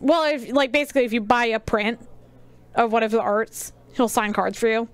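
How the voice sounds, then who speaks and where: Chatty woman commentator with a clear voice. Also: on the high side, moderate pace. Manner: chatty, rambling, with frequent ums. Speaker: stream commentator. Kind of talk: casual game commentary.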